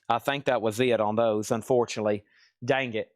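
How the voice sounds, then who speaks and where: A man's voice: medium pitch, steady tone, fairly quick, no echo. Man, live stream seller, folksy, rambling, dry room. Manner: folksy, rambling, hums bits of songs. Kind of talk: live sales stream chat.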